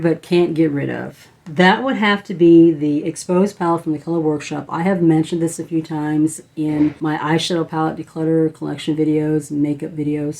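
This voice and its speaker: Chatting casually in a product review, an American beauty vlogger, probably in her thirties, raves about eyeshadow palettes. She has a low, gravelly voice with a darkish tone.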